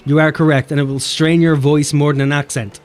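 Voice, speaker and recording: A man with an Irish accent, chatting playfully on a game live stream and jumping between deep and high voices. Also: level tone, a little fast, soft background music. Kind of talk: casual live-stream chat.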